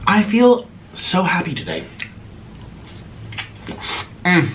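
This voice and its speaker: A man's voice: sing-song, normal speed, pauses often, bright, forceful tone, recorded from a distance, slight background noise. A man in his thirties hosting an eating video at home, answering viewer questions in a sarcastic, theatrical way. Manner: sarcastic, theatrical, swings between high and low pitch. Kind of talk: casual chat while eating.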